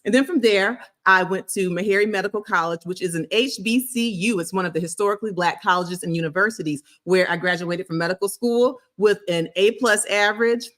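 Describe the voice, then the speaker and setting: A woman's voice: mid-range voice, brisk, hardly any pauses, fairly bright tone. A middle-aged woman doctor from the US South, hosting a casual medical video and answering a commenter in an emphatic, sassy way. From Florida, US South.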